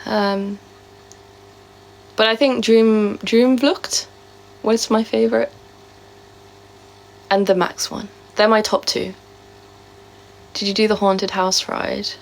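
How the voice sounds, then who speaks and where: Woman, casual live streamer, sore throat, chatty and rambling, mid-pitched. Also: steady tone, slow, long pauses. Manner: chatty and rambling, with many fillers. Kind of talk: casual live-stream chat answering viewer comments.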